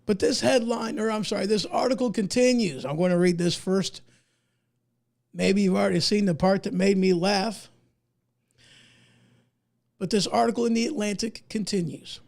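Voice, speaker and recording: Guy losing his voice ranting on his podcast, high-ish and gravelly, folksy and fired up. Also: fairly even intonation, normal speed, pauses often, darkish tone. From United States. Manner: emphatic, indignant, folksy. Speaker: podcast host. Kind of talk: opinion commentary, reading articles aloud.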